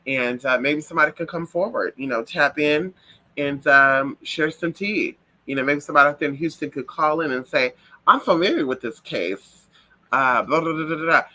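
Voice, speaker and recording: A man hosting a casual livestream, telling stories in a sassy, profane, animated way and breaking into shrill voices for the people and birds he mimics. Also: moderate pace. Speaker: livestream host. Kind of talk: casual gossip chat.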